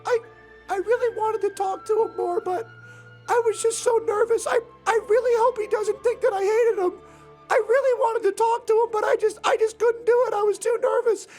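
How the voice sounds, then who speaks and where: Male streamer as an anxious young woman: high, quivering falsetto, timid. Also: fairly even intonation, normal speed, a little mellow, faint music behind. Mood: tearful.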